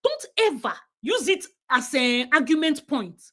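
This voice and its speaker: Young Nigerian woman, livestream host, slightly high voice, blunt and outspoken. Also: big pitch swings, normal speed, few pauses, a bit bright. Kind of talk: casual livestream commentary.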